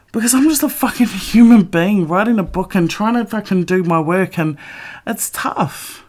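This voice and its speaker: A middle-aged woman and author giving a blunt, emphatic motivational monologue full of swearing. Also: low voice. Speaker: author and vlogger.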